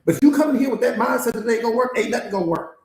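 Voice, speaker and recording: Recorded in an echoey space, this man's very high voice moves very fast as he runs a live-streamed motivational master class. He hammers home points about mindset with repetition, slang, and a stream of rhetorical questions.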